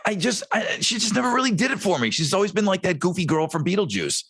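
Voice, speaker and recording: A man with a fairly high voice talks in lively, swinging tones as he rants about movies, swearing often. His voice sounds close and dry, with no room sound. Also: fast talker, husky, no room sound. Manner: animated and crude, swears often. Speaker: podcast co-host. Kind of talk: casual chat.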